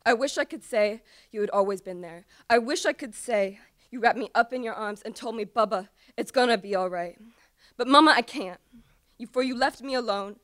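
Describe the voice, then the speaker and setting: A woman's voice: fairly high pitch, moderate pace, a bit bright, no echo, studio quality. A teenage girl performing an impassioned, pleading slam poem with repetitive cries to her mother. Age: teens. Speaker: student poet.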